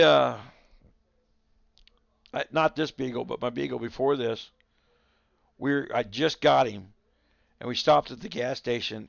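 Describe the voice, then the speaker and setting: A man's voice: medium pitch, vocal fry, fairly bright tone, no echo, highs cut off. A man streaming and casually rambling through a funny story to his viewers. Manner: rambling storyteller, chuckling, talks to his dogs. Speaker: livestreamer.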